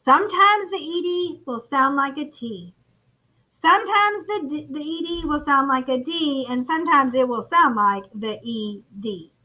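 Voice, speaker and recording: A woman teaching young children phonics in a recorded lesson. Her voice sits high and sounds bright, and she talks slowly and warmly encouraging, addressing the kids as friends. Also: animated, rough recording. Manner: encouraging, calls listeners friends. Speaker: first grade phonics teacher.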